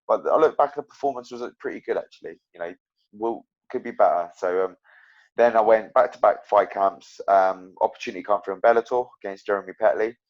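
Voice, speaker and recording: Fairly low-pitched and fairly quick, this young male fighter tells animated stories as a casual interview guest, rambling with plenty of fillers and restarts. The podcast audio is dull and lo-fi.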